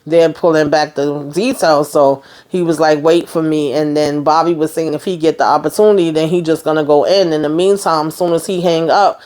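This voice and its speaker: A woman's voice: low-pitched, steady tone, fairly quick, hardly any pauses, a little mellow. A woman giving a chatty, casual recap of a TV episode, retelling the scenes by quoting the characters. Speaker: TV show recapper.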